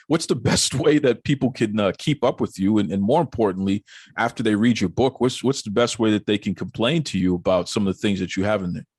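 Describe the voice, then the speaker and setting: A man's voice: fairly low pitch, fairly quick, a little mellow, slightly rough, no room sound, studio quality. A man hosting a podcast in casual chat, jokey and teasing, laughing often. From Boston area. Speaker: podcast host.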